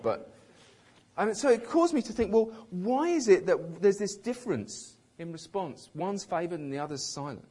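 Lively husky-voiced male preacher. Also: sits high, normal speed. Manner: conversational, emphatic, quotes voices with light humour. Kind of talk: sermon.

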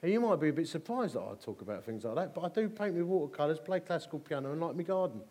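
A man's voice: a little high, very fast. A middle-aged man preaching a sermon, telling stories with humour and emphatic repetition. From England. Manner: animated, humorous, emphatic repetition. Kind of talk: sermon with storytelling.

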